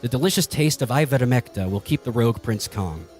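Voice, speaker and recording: A man's voice: medium pitch, expressive, a little fast, a little mellow, faint music behind. A man narrating as game master in a mock-grand style.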